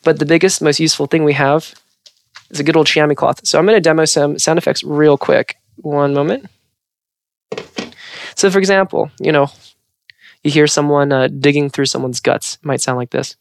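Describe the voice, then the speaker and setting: A young adult trans woman who works as a Foley artist tells stories on a casual podcast, animated and expressive and peppering her speech with fillers. Her voice is deep, her speed normal, and she leaves long pauses.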